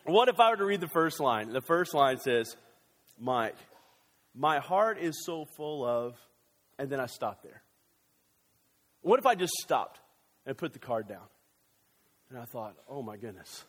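A male pastor preaching a sermon in a church, animated and joking, with quick excited bursts. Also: mid-range voice, slightly rough, big-room sound.

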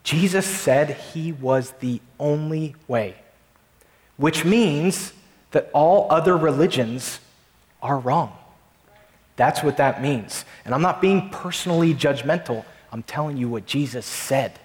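A pastor preaching a sermon to his congregation, emphatic and slowing down to stress key lines. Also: on the high side, a little mellow, reverberant, big-room sound.

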